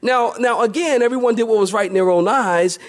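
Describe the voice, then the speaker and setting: A man preaching a sermon in a lively storytelling manner, asking the congregation rhetorical questions. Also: very high voice, a little fast. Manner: animated, storytelling, acts out voices, rhetorical questions. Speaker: pastor.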